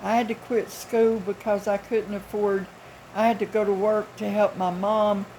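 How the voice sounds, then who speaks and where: Woman doing a whiny young male scammer, begging, tearful, higher-pitched. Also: level tone, moderate pace, darkish tone, a little hiss or hum, close to an everyday voice, rough recording. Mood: pleading.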